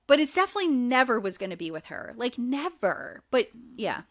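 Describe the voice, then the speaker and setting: A woman's voice: fairly high pitch, big pitch swings, brisk. A woman hosting a podcast, recapping a reality show in casual chat, talking loosely with lots of fillers and the odd swear word. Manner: chatty, filler-heavy, swears freely. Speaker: podcast host.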